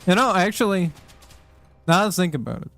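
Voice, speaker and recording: A man's voice: high-pitched, big pitch swings, a little fast, a bit bright. Rambling, profane young man gaming. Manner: rambling, profane, many fillers and restarts. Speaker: gamer commenting while playing. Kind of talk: casual gaming commentary. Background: faint game music.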